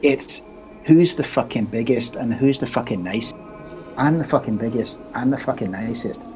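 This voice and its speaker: A big, swaggering adventurer, blunt and foul-mouthed, as a man plays him at the table. He speaks in an everyday mid-pitched voice. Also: normal speed, darkish tone, faint music behind, natural voice. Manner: swearing, blunt. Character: big brash male adventurer, swaggering and crude.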